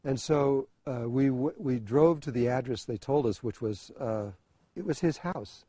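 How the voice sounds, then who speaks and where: An older man from the USA tells a story in a mellow, warm, medium-pitched voice. He pauses a lot, fills gaps with "uh," and often restarts his sentences. The sound is dry and close, with no room echo. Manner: hesitant, many fillers and restarts, chuckling. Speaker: spiritual teacher. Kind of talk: storytelling talk.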